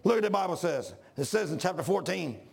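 A man from Washington, D.C., preaching a sermon in a fervent, folksy way, often shouting and calling listeners "man". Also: sits high, lively intonation, fairly quick, creaky, slightly rough. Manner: folksy, says "man" a lot.

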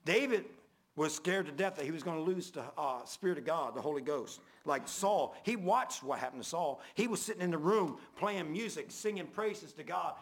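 A man preaching a sermon in a folksy way, swinging from loud, high emphasis to low, quiet confession.

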